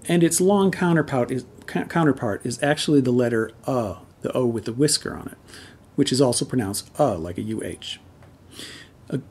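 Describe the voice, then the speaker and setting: Husky mellow-voiced man teaching pronunciation. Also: medium pitch. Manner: patient step-by-step explaining, drawing out sounds as demonstrations. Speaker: language teacher. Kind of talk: recorded pronunciation lesson.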